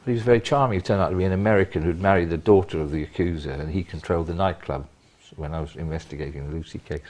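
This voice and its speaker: An older man, a retired police officer, telling animated stories in an interview with bursts of emphasis. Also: low-pitched, racing. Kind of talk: anecdotal interview.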